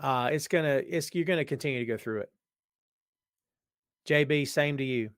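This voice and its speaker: A man's voice: mid-range voice, normal speed, no echo. Guy hosting a chill live stream, voice kinda wrecked, rambly and jokey, dry close sound. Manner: rambling, jokey, talks straight to viewers. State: worn-out voice. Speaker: podcast host. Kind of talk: casual live-stream chat. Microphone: webcam setup.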